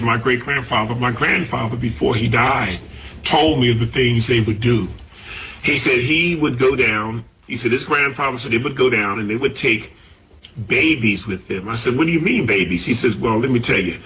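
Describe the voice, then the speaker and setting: Bright-voiced man telling a story. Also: medium pitch, low-quality recording. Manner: recounts a conversation, quoting the other man. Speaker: collector of artifacts.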